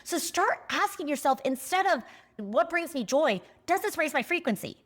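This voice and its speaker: This spiritual vlogger, a woman in her 40s, speaks to the camera with a high-pitched, animated, somewhat bright voice at moderate pace. Blunt and passionate, she curses offhandedly and occasionally gets emotional to the point of nearly crying.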